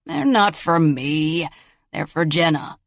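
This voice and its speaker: A man voicing a stubborn, frail eighty-seven-year-old grandfather with a trembling voice, in a slow drawl, for an audiobook. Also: a little high, big pitch swings, creaky, fairly bright tone, no echo, dull audio, full character voice. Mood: defiant.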